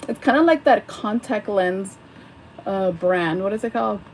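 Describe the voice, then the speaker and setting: A woman's voice: mid-range voice, expressive, moderate pace, darkish tone, a little hiss or hum, poor audio. A young woman chatting casually on a livestream while she does her makeup at home, rambling, laughing often and swearing. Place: home, at a vanity mirror.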